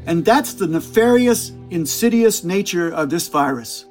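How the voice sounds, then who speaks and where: A man's voice: sits high, expressive, unhurried, soft background music, voice pushed up. A man doing an impression of an older male doctor who speaks as if he were a scheming virus, in an emphatic, conspiratorial manner.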